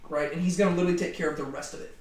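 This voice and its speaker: High-pitched guy leading a bible study, chatty, sounds far off from the mic. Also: rapid-fire. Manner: animated, many fillers like "like" and "right?". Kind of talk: casual Bible study discussion. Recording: echoey room, distant from mic.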